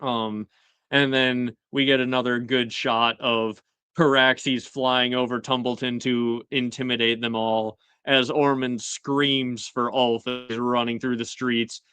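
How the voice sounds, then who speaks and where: A man casually recapping a TV episode for his show, chatty with lots of fillers and quick paraphrased quotes. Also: medium pitch, level tone, pushed and bright, smooth, dry recording. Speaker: show host.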